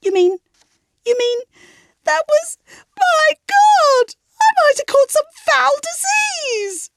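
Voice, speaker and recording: A woman reading a storybook aloud and voicing a squeamish teenage girl who speaks in a clear, penetrating voice and wails. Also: high-pitched, sing-song, normal speed, very noisy, pitched above the performer's own voice. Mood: wailing.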